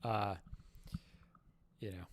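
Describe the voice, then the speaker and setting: A man hosting a casual livestream Q&A, rambling and halting through lots of fillers and self-mocking jokes. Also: fairly low pitch, fairly even intonation. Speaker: livestream host.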